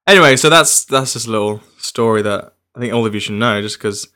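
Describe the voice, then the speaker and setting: Man, casual chat, sharp bright tone, hesitant, repeats himself. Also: fairly low pitch, a little fast. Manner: hesitant, repeats words, stammers.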